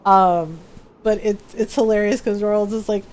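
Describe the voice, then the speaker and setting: A woman streamer chatting casually with viewers, laughing often and acting out quotes in a lively retelling. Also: medium pitch, normal speed. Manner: giggly, animated retelling with acted-out quotes.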